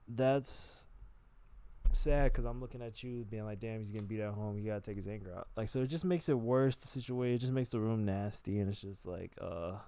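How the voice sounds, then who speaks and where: A young man vlogs on camera, gesturing with his hands, in a loose, unscripted monologue. His medium-pitched voice is dark and smooth in a dry recording, and he rambles profanely, suddenly slipping into acted-out quoted voices.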